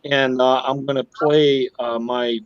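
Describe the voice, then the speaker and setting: A man's voice: mid-range voice, steady tone, a little slow, smooth, no echo, lo-fi sound. A man chatting easily with his friends on a casual live stream.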